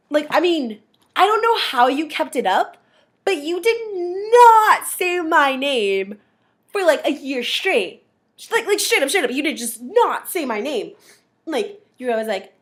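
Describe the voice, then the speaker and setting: Giggly high-voiced young woman rambling. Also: sing-song, normal speed. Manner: rambling, giggly, lots of filler words. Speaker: sibling giving a graduation message. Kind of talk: casual recorded message.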